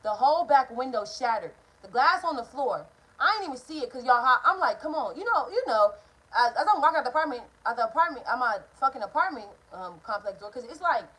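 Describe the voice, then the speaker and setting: Animated high-voiced woman telling a story. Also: fairly quick, husky, rough recording. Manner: animated, profane, conversational. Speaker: vlogger. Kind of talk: storytime vlog. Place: at home indoors.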